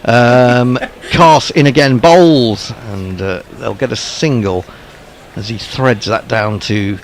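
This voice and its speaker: A man's voice: mid-range voice, slow pace, slight background noise. A man calling ball-by-ball cricket commentary in a wry, rambling way, full of ums and asides.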